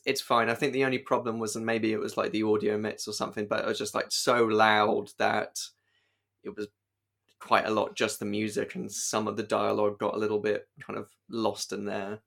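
A man's voice: on the low side, level tone, moderate pace, gravelly, a bit bright. A man co-hosting a podcast in casual chat, hesitant, with many restarts. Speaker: podcast co-host.

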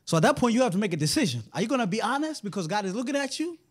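A man's voice: very high voice, big pitch swings, rapid-fire. A man preaching a sermon in a conversational way, often putting rhetorical questions to his listeners.

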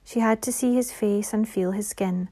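A woman reads a fantasy novel aloud in a soft, measured voice. Her tone is mellow and rather dark. At times she drops into a hushed whisper. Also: mid-range voice, fairly even intonation. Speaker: audiobook narrator. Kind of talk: scripted fantasy narration.

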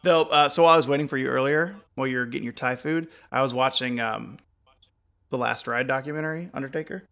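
Bright-voiced joking man co-hosting. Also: mid-range voice, fast talker, creaky. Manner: joking, animated storyteller. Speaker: podcast co-host. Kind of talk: casual chat watching wrestling.

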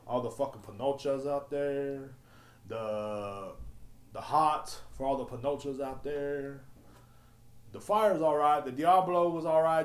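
A man hosting a solo podcast, ranting in a loud, profane, rambling way. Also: mid-range voice. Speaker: podcast host. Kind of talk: casual solo podcast rant.

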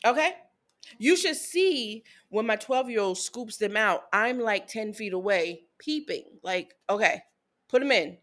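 Speaking at a measured pace with a medium-pitched voice, a woman in her thirties co-hosts a podcast and shares a story in casual chat. She's animated, acting out what her kids and ex told her.

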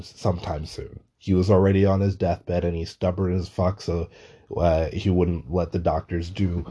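Husky-voiced young man telling a story. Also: low-pitched, highs cut off. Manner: profane, animated, laughs through a story. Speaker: vlogger. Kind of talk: casual storytelling monologue.

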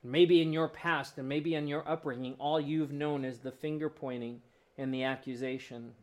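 A man preaching a sermon with emotional swings, building to loud peaks and then dropping to a soft, low voice. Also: fairly even intonation, moderate pace. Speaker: pastor.

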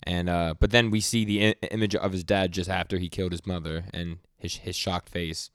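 A man's voice: deep voice, little pitch movement, clear, resonant tone, no room sound, clean studio sound. A young man co-hosting a podcast, retelling comic scenes casually and stumbling over words. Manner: retells scenes in quick quoted lines, many stammers. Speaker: podcast co-host. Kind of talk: casual manga recap chat.

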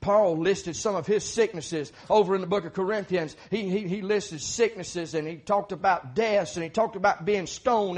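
A middle-aged man delivers a sermon in a strikingly high voice. He swings between quiet, close talk and fervent, shouted preaching.

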